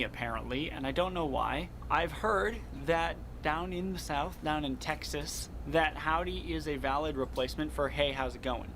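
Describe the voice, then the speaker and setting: A man from the Midwest talking to his camera in a loose, rambling way. His voice sits a little high for a man, and he laughs at himself as he goes. Steady noise and passing traffic sound behind him. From American Midwest. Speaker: vlogger. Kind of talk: casual monologue to camera. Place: moving around a home, partly from the kitchen. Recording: background noise with vehicle ambience.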